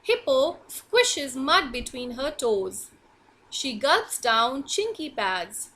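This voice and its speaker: Woman teacher, online class for small children, high voice, lively sing-song, slow and clear. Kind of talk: online class reading lesson for young children.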